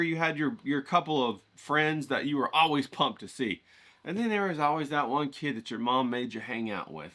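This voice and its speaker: A man giving a casual, profane pep talk on his art vlog, energetic and full of "you know"s. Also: a little high. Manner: energetic, swearing, pumped-up, lots of "you know". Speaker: art vlogger.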